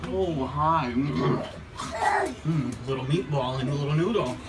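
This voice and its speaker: A woman voicing a chaotic, reckless aunt babysitting kids, rambling erratically with dark jokes, in a comedy sketch. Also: low voice, measured pace. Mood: gushing. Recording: echoey room, far from mic, loud noise.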